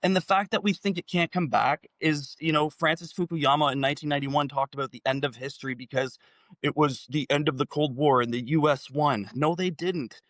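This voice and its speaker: A man's voice: fairly high pitch, steady tone, fairly quick, fairly bright tone, no room sound. A man in his forties giving an impassioned solo commentary, full of rhetorical questions. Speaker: political commentator.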